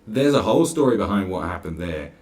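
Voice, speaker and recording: A man's voice: low-pitched, lively intonation, fast, darkish tone. A man ranting sarcastically through a reaction commentary, exasperated and swearing freely. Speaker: commentary vlogger.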